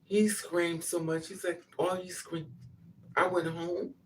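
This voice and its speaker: A woman with a voice on the low side takes her time telling a personal story in a relaxed, monologue style. She animatedly acts out other people's words, captured from a distance with faint background noise.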